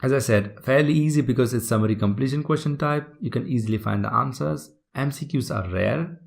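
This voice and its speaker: A man's voice: mid-range voice, a little fast, vocal fry. A man teaching a recorded exam-prep lesson, explaining step by step and often checking in with the listener. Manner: explanatory, checks in with "right?" and "okay?".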